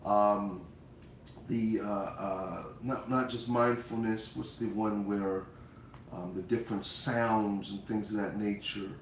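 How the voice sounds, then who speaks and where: A man's voice: lowish voice, fairly even intonation, takes it slowly, slight background noise. A man hosting a cooking livestream, talking casually and speaking directly to his viewers. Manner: conversational, addresses viewers directly. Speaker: cooking show host. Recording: roomy echoey room.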